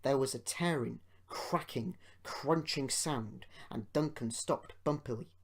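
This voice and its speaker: A man reading a children's storybook aloud as an amateur audiobook narrator, in a measured, expressive way. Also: mid-range voice, vocal fry, breathy edge.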